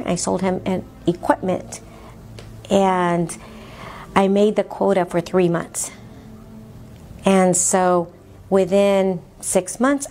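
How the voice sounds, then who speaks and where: A woman recounts her own story in a candid, earnest way, acting out conversations as she goes. Her voice sits a bit low and has a gravelly fry. Faint music plays underneath. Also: darkish tone. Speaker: speaker telling her life story. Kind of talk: personal storytelling talk.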